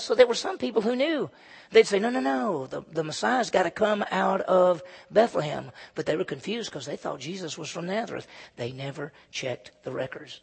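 High-voiced man preaching in a reverberant hall. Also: creaky, breathy edge. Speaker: pastor. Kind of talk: sermon.

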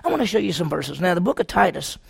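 A man's voice: sits high, sing-song, fast talker, gravelly, husky. A man preaching a sermon, driving his points home with repeated rhetorical questions to the congregation. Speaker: pastor.

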